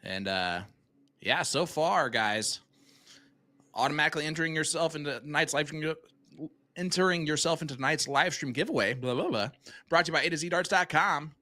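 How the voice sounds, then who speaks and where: Male darts stream host, chatty promo reads, brisk delivery. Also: a little high, pushed and bright. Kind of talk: live darts commentary with sponsor reads.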